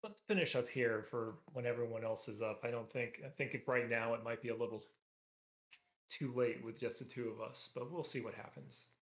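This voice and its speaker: A man playing his character in a tabletop game, speaking in a hesitant, measured way. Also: medium pitch, steady tone. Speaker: player.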